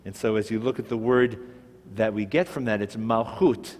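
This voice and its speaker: A man's voice: on the low side, moderate pace, darkish tone. Man teaching in a reverberant hall. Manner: patient, step-by-step, prompts listener to repeat words. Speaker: Hebrew teacher. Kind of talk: classroom-style language lesson.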